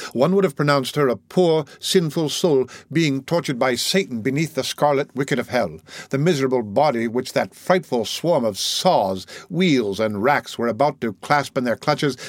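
A man reads a classic novel aloud in measured, dramatic audiobook narration. His voice sits at a middle pitch and is heard close and dry, with no room around it. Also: dry recording.

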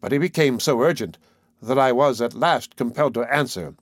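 A man's voice: medium pitch, no echo. Man reading a story, dry close sound. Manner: measured, expressive first-person telling. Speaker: audiobook narrator. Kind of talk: scripted storybook narration.

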